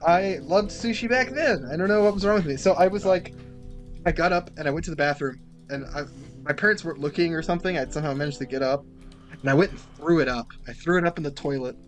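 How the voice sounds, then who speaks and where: Young male podcast host, slightly higher voice, light music underneath, lively swearing storyteller. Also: fast. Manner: animated, swears freely, acts out quotes. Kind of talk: casual storytelling.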